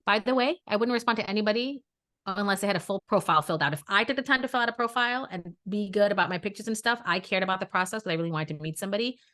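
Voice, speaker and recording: A woman's voice: mid-range voice, racing, fairly bright tone. NY woman, 30s, podcast co-host; storyteller who acts out quotes, mid-range voice. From New York area. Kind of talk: casual chat.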